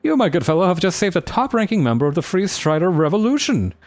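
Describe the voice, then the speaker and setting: A man putting on a high, fancy merchant prince. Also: sing-song, fast, a little mellow. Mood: boastful. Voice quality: fancy, theatrical. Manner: grandiose, showy. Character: flamboyant pompous male merchant prince.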